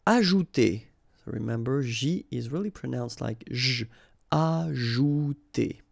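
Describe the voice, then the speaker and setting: A man's voice: mid-range voice, normal speed, creaky, breathy edge, no room sound, studio quality. A man with a French accent, a native French speaker, teaching vocabulary and patiently drilling pronunciation, checking in with the learner after each word.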